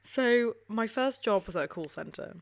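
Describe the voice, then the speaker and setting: A woman's voice: fairly high pitch, expressive, a little slow. A young woman in her twenties with a posh English accent, co-hosting a podcast and telling stories in a chatty way with frequent laughs. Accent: posh southern English. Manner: chatty storyteller, laughs often, swears casually. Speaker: podcast co-host. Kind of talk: casual chat.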